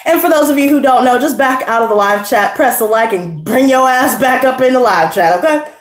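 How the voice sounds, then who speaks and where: A woman's voice: sits high, expressive, a little fast, echoey room. A woman hosting a tarot livestream, chatting casually in a brash, profane, slangy way and out of breath.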